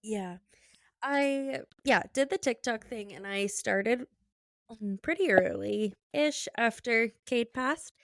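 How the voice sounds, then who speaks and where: A woman's voice: fairly high pitch, slow, creaky, no room sound, clean studio sound. Candid, chatty young woman host. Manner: candid and chatty, frequent "like" fillers, laughs easily. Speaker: podcast host. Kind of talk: casual conversational interview.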